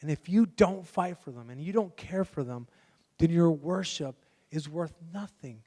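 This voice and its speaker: Man preaching, high voice, chatty storyteller, long church-hall reverb. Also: lively intonation, unhurried, mellow. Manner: conversational storytelling, acting out quoted voices. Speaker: guest pastor. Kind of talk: sermon. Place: church sanctuary.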